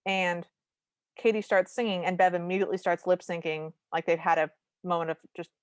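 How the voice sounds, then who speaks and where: Low-voiced woman recapping a movie. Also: flat delivery, brisk, dry recording. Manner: narrates plot beats with dry asides. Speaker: podcast co-host. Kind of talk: casual movie recap chat.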